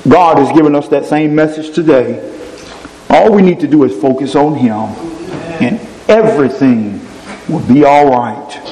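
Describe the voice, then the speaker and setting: A man preaching a sermon, emphatic, climbing sharply in pitch on key phrases. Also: a little mellow. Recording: echoey hall with long reverb.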